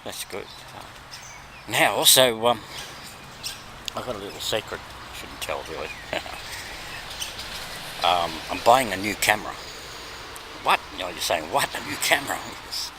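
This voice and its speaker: A man with an Australian accent, hoarse and losing his voice, chatting in a rambling vlog with many ums and little laughs. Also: fairly low pitch, animated, a little slow, long pauses. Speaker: vlogger. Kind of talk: casual vlog chat. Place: walking outdoors. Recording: outdoor background noise.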